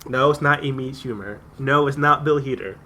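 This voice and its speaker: A man reviewing a movie in casual chat on a talk show, rambling and excited, with lots of fillers and restarts. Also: mid-range voice, normal speed.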